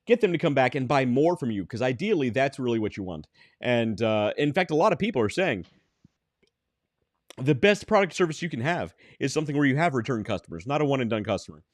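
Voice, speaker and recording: A man in casual podcast chat who explains his points and keeps steering the talk back on topic. He talks fast with a lively, bouncing pitch, and the sound is dry and close. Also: no room sound. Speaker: podcast co-host.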